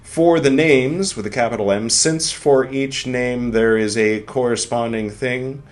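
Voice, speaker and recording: A man hosting a podcast, reading a philosophy text aloud slowly and breaking off for irreverent, joking asides. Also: medium pitch. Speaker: podcast host.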